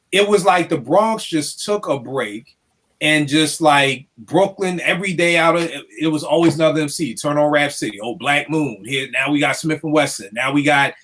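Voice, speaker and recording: Relaxed man hosting a podcast. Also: a little high. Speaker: podcast host. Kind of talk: casual hip-hop talk show chat.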